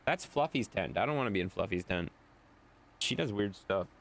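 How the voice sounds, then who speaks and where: A man's voice: on the low side, lively intonation, moderate pace, vocal fry. A man streaming live, chatting casually and rambling as he answers viewers' chat.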